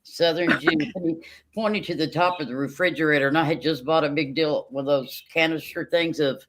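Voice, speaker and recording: A woman's voice: low-pitched, a little fast. Laughing woman telling a home story. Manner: laughs often, tells stories with quoted dialogue; reads out viewer comments. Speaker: livestream co-host. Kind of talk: casual chat.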